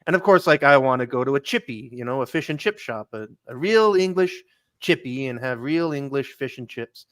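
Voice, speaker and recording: A man's voice: mid-range voice, expressive, fairly quick, a bit bright, no echo. A man in a casual podcast chat, telling rambling, chatty stories.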